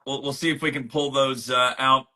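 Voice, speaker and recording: A man's voice: mid-range voice, level tone, moderate pace, pushed and bright. A man co-hosting a live comic sale, relaying viewers' offers and joking with playful banter. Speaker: co-host relaying chat offers. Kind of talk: live sales stream chat.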